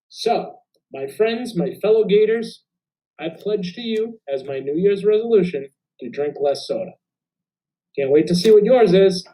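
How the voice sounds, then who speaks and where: A man's voice: sits high, dark tone, poor audio. A man teaching an acting lesson to students on video, upbeat and playful as he coaches and performs a sample monologue.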